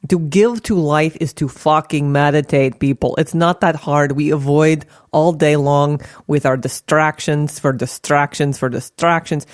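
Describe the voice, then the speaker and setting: A woman hosting a podcast in a casual chat, animated and playful, with frequent swearing. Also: sits low, measured pace, few pauses, no echo, clean studio sound. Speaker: podcast host.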